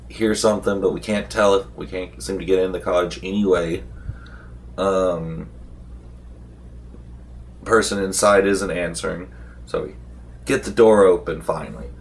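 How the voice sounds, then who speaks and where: A man's voice: deep voice, a little hiss or hum. A man casually retelling a tabletop role-playing session, wandering through the story with fillers and restarts. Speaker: vlogger recapping a tabletop game session. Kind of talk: casual rambling recap.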